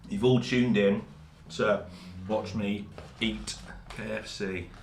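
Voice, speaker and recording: Slow and creaky, a man with a steady, low-leaning voice chats casually on a hobby stream, joking and laughing as he eats. An echoey room and faint background noise come through on the room mic, since he has no lav.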